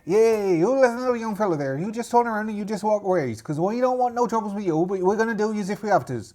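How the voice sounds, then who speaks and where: A man voices a territorial rival pirate leader, issuing threats in a muddled, repetitive pirate dialect. His voice is high-pitched and pushed up yet mellow, fast, with lively intonation.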